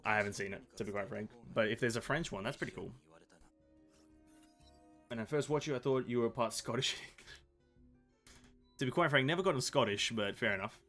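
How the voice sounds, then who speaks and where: A man's voice: lowish voice, a little fast, pauses often, fairly bright tone, faint music behind. A man with an Australian accent giving casual, rambling gameplay commentary full of fillers and self-corrections. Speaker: gaming video host.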